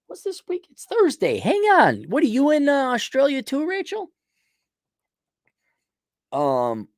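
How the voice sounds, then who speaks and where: Man, livestream host, blunt, sarcastic, animated pitch, dry mic. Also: dry recording. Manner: blunt, sarcastic, mocking asides. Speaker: podcast host reading viewer donations. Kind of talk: casual livestream chat.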